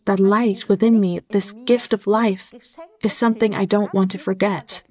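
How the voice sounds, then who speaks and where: A middle-aged woman from Germany answers interview questions in a calm, reflective way. She speaks in short, heartfelt phrases at a mid-range pitch for a woman, unhurried and gentle. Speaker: interview guest.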